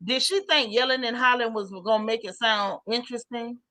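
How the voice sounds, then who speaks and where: A woman hosts her own channel, gossiping casually and exclaiming in disbelief. Her voice sits fairly high and comes across bright and forceful. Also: fairly quick. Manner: sassy, animated, exclaiming. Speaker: YouTube commentator.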